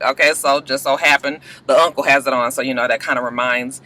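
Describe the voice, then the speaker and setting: A man casually recapping TV episodes in a slangy, animated vlog, acting out the characters' lines as he goes. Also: mid-range voice, brisk, low-quality recording. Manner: animated, slangy storytelling with acted quotes. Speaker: video blogger reviewing TV episodes.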